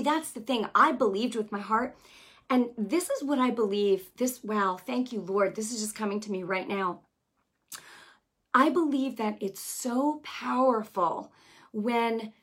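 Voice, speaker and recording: A woman giving a passionate Christian healing testimony, repeating phrases for emphasis and building to near-yelling, then easing into conversational asides. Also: mid-range voice. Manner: conversational asides, many restarts and fillers.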